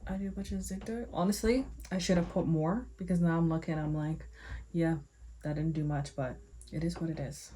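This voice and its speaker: A woman's voice: low-pitched, steady tone, moderate pace, warm tone, a little hiss or hum, rough recording. A woman vlogging at home as she gets ready, chatting casually and thinking aloud to herself. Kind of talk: casual rambling narration.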